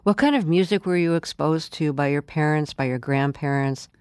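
An interview host who reads a measured introduction and then asks questions in an informative, admiring way. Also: medium pitch, darkish tone, smooth, no echo, studio quality. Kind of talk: radio-style interview, reading an introduction then asking questions.

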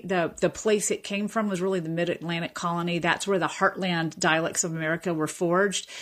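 On a radio interview, a female linguistics professor discusses how speech differs, speaking thoughtfully and with measure while often using fillers and restarting sentences. She has a mid-range, slightly bright voice.

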